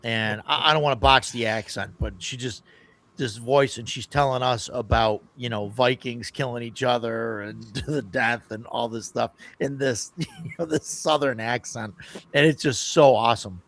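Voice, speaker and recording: A man's voice: medium pitch, moderate pace, fairly bright tone. A man hosting a casual tabletop gaming chat, telling stories in a rambling way and often laughing. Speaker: podcast host.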